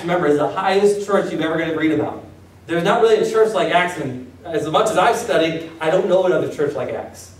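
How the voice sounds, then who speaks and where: High-voiced pastor preaching in an echoey hall. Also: male voice. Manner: conversational preaching with acted-out asides and audience questions. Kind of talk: sermon. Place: church hall. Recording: echoey hall, distant mic.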